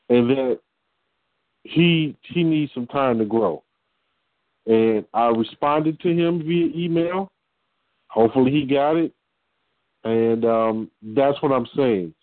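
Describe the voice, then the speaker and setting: A man's voice: a little high, dry recording. A middle-aged man co-hosting a talk show, speaking in an emphatic, lecturing way. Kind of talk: casual talk show discussion. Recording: tinny phone-like line, dry.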